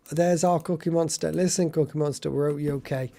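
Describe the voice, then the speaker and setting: A man hosting a casual live stream, chatty and excitable, thanking viewers by name. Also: fairly high pitch, quick pace, gravelly, hardly any pauses.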